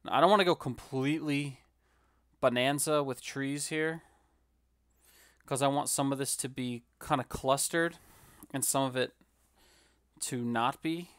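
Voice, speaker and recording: A man's voice: medium pitch, unhurried, long pauses, a bit bright, no echo, clean studio sound. A man casually commenting while building on a live stream, joking and rambling with self-mocking asides.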